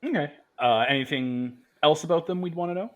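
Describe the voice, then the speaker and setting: Higher-voiced man chatting at a game table. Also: a little fast. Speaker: player. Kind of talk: casual chat during a tabletop game.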